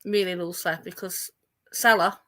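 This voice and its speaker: A woman's voice: lowish voice, steady tone, normal speed, pushed and bright. A woman hosting a reaction commentary video, mocking and taunting the people she talks about. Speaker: commentary channel host.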